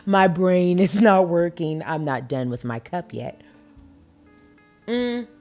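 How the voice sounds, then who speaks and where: Slow, low-voiced woman podcast host. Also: animated, darkish tone, soft background music. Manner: emphatic, playful, acts out dialogue. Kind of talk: casual solo podcast talk.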